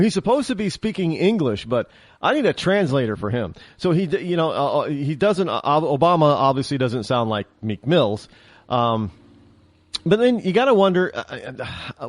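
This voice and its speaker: A man's voice: medium pitch, dry recording, studio quality. A man hosting his own talk show, delivering a rambling, opinionated monologue with many restarts and fillers.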